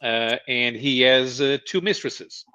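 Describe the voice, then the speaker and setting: A man chatting casually on a comic book stream, his voice bright and forceful. He stumbles and restarts often, laughing between thoughts. The audio is dull and lo-fi. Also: mid-range voice, clear, resonant tone. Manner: halting, many restarts and chuckles while explaining. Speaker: podcast co-host. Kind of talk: casual chat.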